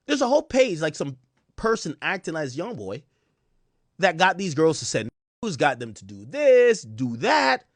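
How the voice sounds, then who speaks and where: A man casually telling a long story to his stream viewers, acting out quotes in a lower voice. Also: normal speed, no room sound. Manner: animated, recounts quotes in lower voice. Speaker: commentator.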